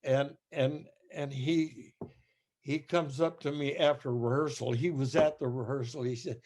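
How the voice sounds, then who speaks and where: An older man telling stories as a guest musician, halting and rambling with many restarts. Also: mid-range voice, fairly even intonation, a little mellow. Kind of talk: casual storytelling.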